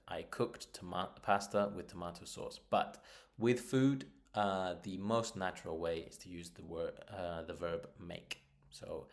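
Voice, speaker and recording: A man teaching a beginner English lesson, patiently repeating example sentences slowly and clearly. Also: low voice.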